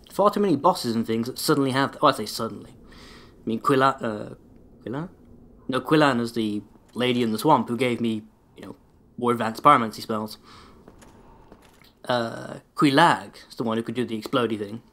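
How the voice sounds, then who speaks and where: A man's voice: mid-range voice, a little fast, a bit bright. Rambling, sarcastic man gaming. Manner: rambling, sarcastic, swears often. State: sore throat, voice held back. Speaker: let's play gamer. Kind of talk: casual gameplay commentary.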